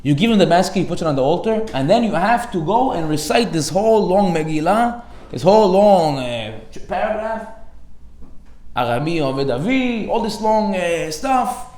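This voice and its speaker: A man giving an energetic, jokey sermon as a rabbi to a live audience, acting out quotes with sudden loud bursts. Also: high-pitched, moderate pace, echoey room. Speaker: rabbi giving a Torah class. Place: study hall with audience.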